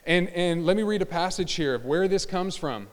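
A man preaching a sermon as a pastor in a church, animated and joking with asides to the congregation. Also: sits high, moderate pace. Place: church sanctuary. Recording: church hall reverb.

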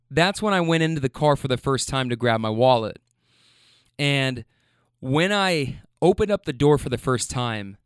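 Male storyteller, casual and rambling, smooth resonant voice, swears freely. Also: fairly high pitch, no room sound, clean studio sound. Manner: rambling with fillers, stammers and swearing.

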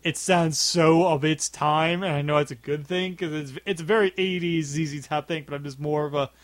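A man hosting a casual movie commentary, animated and quick to laugh. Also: a little high. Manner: animated, laughs often, jumps into quoted voices. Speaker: host.

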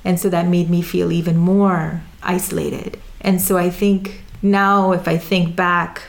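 A woman's voice: fairly low pitch, level tone, unhurried, vocal fry. A young woman with an American accent, thoughtfully telling her own story in an interview. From Sudan, raised in Dubai and Jeddah. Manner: thoughtful, with frequent restarts and "you know". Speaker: interview guest. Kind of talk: reflective conversational storytelling.

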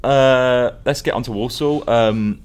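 A man's voice: medium pitch, takes it slowly, clear, resonant tone. A man co-hosting a podcast from an office, chatting casually with jokey, teasing banter. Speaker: podcast co-host. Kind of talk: casual chat.

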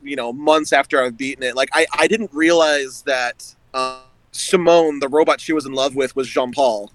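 A man's voice: mid-range voice, normal speed, rough recording. A man in casual chat who rambles with lots of "like" and laughs often.

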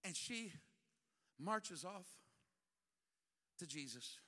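A man's voice: high-pitched, animated, extremely slow, bright, forceful tone. A male bishop preaching a sermon, telling the story with humor and acting out the scenes. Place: church sanctuary. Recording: long church hall reverb.

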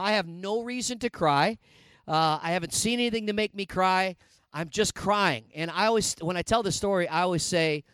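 A middle-aged man from Indiana, a pastor telling a personal story in a sermon, animated and conversational with frequent fillers. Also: sits high, no echo.

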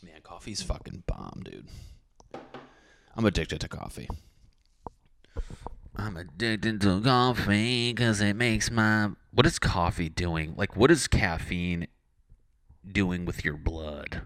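A man in his thirties hosts a solo podcast from his apartment, rambling, swearing, and mocking himself as he hops between topics. His voice is low and a bit bright, animated yet slow-paced with frequent pauses. A little hiss or hum sits in the background.

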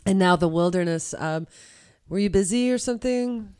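A woman's voice: medium pitch, moderate pace, darkish tone, clean tone. A woman hosting a live radio show, asking curious, lightly teasing questions. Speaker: radio host. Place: radio studio.

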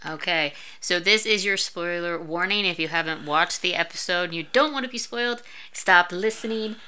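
A woman's voice: on the low side, normal speed, sharp tone, smooth. A woman co-hosting a podcast, recapping an episode's plot in casual chat. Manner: recaps plots in detail. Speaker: podcast co-host.

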